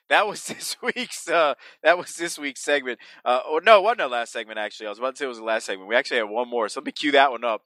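A man hosting a casual podcast, talking excitably, swearing and laughing often. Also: on the high side, no echo. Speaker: podcast host.

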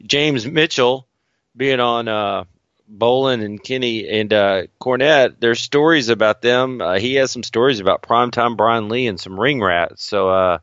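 A man with a mid-range voice co-hosts a casual podcast, rambling through stories with wry, deadpan jokes. The audio is dull and lo-fi, with a dry, close sound. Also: mid-range voice, measured pace, clean tone, no echo. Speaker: podcast co-host.

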